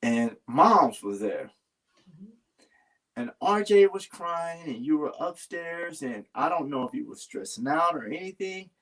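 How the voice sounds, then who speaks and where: A man's voice: fairly high pitch, very animated, a little slow, fairly bright tone. A man talking earnestly in a casual heartfelt conversation, rambling and restarting his sentences. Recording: voice a little far from the mic.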